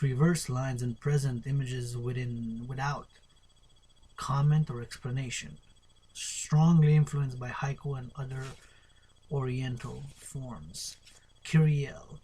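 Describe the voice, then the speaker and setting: Husky guy reading poetry terms out loud, spells them letter by letter, kinda playful, trails off quiet. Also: mid-range voice. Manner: playful, spells words letter by letter, drifts to murmurs. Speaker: poet reading a poetry glossary. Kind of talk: solo spoken-word poetry lesson.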